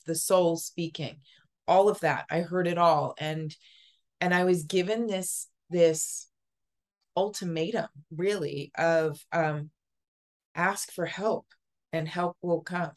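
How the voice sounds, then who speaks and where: A woman telling a personal story as an interview guest, earnest and halting, often repeating words. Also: on the low side. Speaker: podcast guest, psychic Reiki master.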